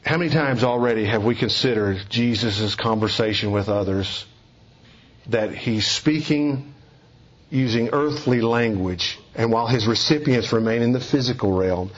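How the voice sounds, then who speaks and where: Earnest male preacher, muffled recording. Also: fairly low pitch. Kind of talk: expository sermon.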